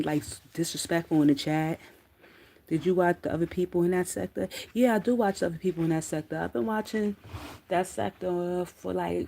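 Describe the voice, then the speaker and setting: A middle-aged woman giving casual, profane commentary as a streamer, loud and laughing, full of slang as she tells stories. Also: lowish voice. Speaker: streamer commenting on street interview channels.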